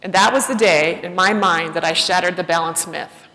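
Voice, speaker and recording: A woman giving a personal storytelling talk as a keynote speaker, animated and self-deprecating, acting out the voices she quotes. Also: lowish voice, moderate pace. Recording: long hall reverb.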